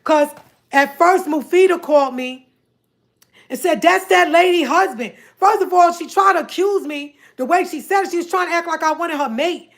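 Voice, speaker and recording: A high-pitched woman recounts a personal saga to her viewers. She talks casually and with animation, repeating herself and quoting the people in her story. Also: moderate pace. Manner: animated, repeats herself, quotes others in dialogue. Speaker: vlogger telling a personal story.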